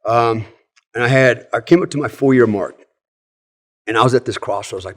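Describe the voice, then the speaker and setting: A man's voice: mid-range voice, normal speed. A man in his sixties, a podcast guest telling old army stories in a frank, rambling way, often tagging sentences with "right?". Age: 60s. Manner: rambling, tags sentences with "right?" and "you know"; frank, swears casually. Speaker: podcast guest, former special forces soldier. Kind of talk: casual storytelling in conversation.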